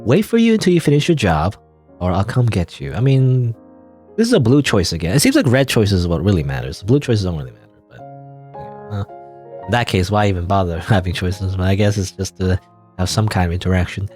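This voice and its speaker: Lively low-voiced male gamer. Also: fairly quick, faint music behind. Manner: rambling, filler-heavy. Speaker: let's play host. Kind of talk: casual gameplay commentary.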